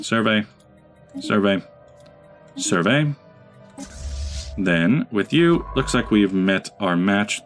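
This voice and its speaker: A man giving casual gameplay commentary as a let's play host, chatting and talking to his units. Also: on the low side. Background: game music.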